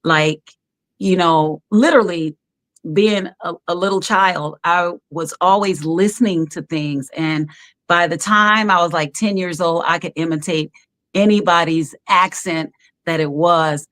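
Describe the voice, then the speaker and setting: A woman who works as a background actor, telling stories in an animated, chatty way as a talk-show guest, often laughing. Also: fairly low pitch, unhurried. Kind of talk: casual storytelling chat.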